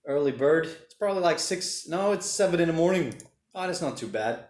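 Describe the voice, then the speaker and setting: A man's voice: a little high, lively intonation, brisk, echoey room. A man hosting a casual livestream, rambling and reading viewer comments aloud. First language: Portuguese. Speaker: livestream host reading chat. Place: home room during lockdown.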